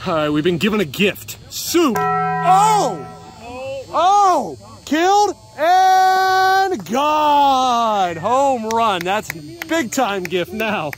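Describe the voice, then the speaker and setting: A man calls his own softball game for his vlog, cheering teammates by nickname in excitable, jokey play-by-play. His voice sits very high and swings widely. Faint music plays underneath. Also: takes it slowly. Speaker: vlogger and softball player. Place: outdoor softball field.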